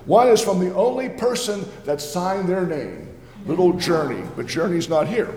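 A man's voice: sits high, expressive, normal speed, darkish tone. An actor playing a jovial, ancient male Reformation preacher, giving an earnest, homely first-person sermon with playful asides in a church. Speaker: preacher in character. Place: church sanctuary. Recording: echoey church hall.

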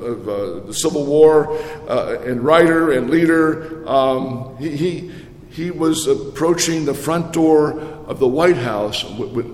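A man, a priest, preaching a sermon in a church, often restarting his words but telling stories with dramatic swings. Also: on the high side. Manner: halting restarts with dramatic storytelling. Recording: echoey church hall reverb.

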